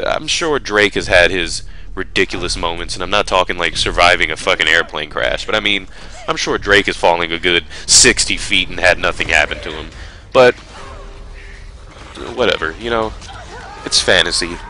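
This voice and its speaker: A man ranting casually about a game trailer in a vlog, animated and profane, rambling with lots of fillers. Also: deep voice, normal speed, a little hiss or hum. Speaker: vlogger reviewing a game trailer. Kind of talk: casual rant.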